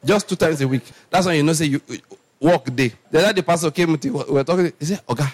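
A middle-aged Nigerian man preaching a sermon, telling stories in a lively, animated way with laughing asides. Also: on the high side, quick pace, breathy edge. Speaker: pastor. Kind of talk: storytelling sermon.

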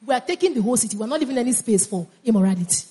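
This woman preaches with fervor in a fairly high, husky, dark-toned voice, animated and rapid-fire. Phrases come back again and again as she calls for the congregation to answer her.

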